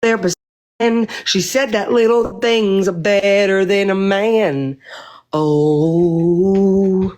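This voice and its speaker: A woman casually retelling a story in a rambling, halting way. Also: medium pitch, darkish tone, smooth. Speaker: vlogger.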